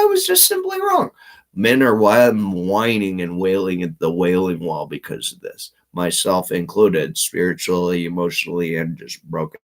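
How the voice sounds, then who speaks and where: A man giving rambling solo commentary while reading aloud, meandering and restarting often, swinging between louder bursts and low mumbles. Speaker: channel host.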